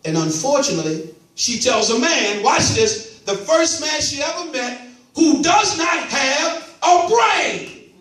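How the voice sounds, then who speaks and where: A male pastor preaching an animated sermon, repeating catchphrases to his congregation. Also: extremely high pitch, slow. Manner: animated call-and-response preaching, repeats "watch this". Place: church sanctuary. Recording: echoey church hall from far off.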